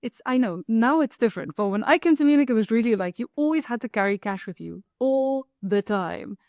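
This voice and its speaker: A woman from Africa, telling a personal story in a wry, lively way. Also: fairly high pitch, fairly quick, no echo, clean studio sound. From South Africa. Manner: lively, wry, acts out the people in her stories. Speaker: author and storyteller.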